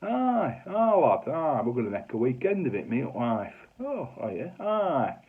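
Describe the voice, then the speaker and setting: A man's voice: medium pitch, very animated, unhurried, husky, pitched above the performer's own voice, exaggerated voice. A man voicing a cheerful old Northern English pensioner with a broad, blunt way of talking. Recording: tinny phone-like audio.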